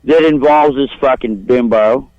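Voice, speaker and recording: A man's voice: mid-range voice, a little slow, dry recording. A man phones in to a talk show and tells a long crude story. He rambles and boasts. The line is dull and lo-fi, with no room sound at all. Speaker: caller. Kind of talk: profane call-in storytelling.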